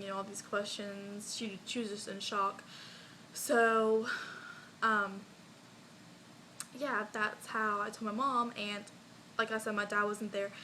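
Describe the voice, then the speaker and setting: A woman's voice: mid-range voice, sharp tone, slight background noise, rough recording. A young woman vlogger telling a personal story in a casual, chatty way, full of likes and ums and small laughs.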